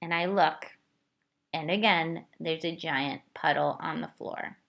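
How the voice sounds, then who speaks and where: Young woman, podcast host, bright tense tone, self-deprecating, candid storytelling. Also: sits low, a little slow, gravelly. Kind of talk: confessional solo podcast.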